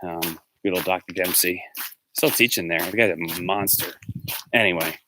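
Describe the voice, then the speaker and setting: Deep-voiced and speaking at normal speed, a man strolls outdoors through a neighborhood, chatting loosely with his livestream viewers and addressing them by name as he wanders across topics. He hosts streams and makes music; faint traffic noise and distant dogs barking can be heard.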